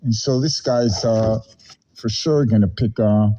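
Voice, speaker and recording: A man on a confrontational phone call with a company, agitated and rambling, putting on a mock-calm tone. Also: fairly low pitch, measured pace.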